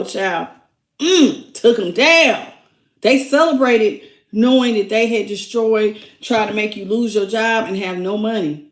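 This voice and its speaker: A woman's voice: on the high side, reverberant. A woman doing a casual tarot reading, chatting emotionally and greeting viewers by name as she goes. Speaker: tarot reader.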